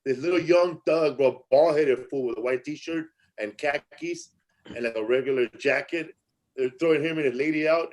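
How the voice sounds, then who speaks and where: On his podcast, a man with a medium-pitched voice tells casual stories in street slang, cursing and acting out angry quotes. The audio is poor.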